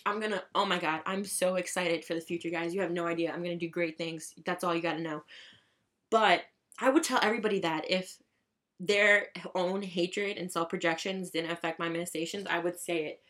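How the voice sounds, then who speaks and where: Bright-voiced young woman vlogging casually. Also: brisk. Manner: chatty, profane, bursts into excited high shrieks. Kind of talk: casual chat.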